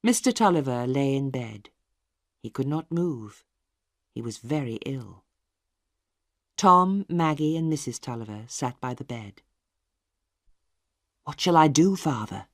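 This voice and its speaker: Slow, lively storybook narrator. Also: mid-range voice, no echo, clean studio sound. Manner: slow, clearly spaced storytelling. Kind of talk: slow graded-reader narration for English learners.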